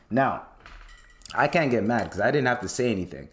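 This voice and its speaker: A man in his late twenties hosting a podcast, telling a story as a casual, profane rant. His voice leaps up high whenever he gets worked up. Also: expressive, normal speed, a bit bright. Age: late 20s. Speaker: podcast host.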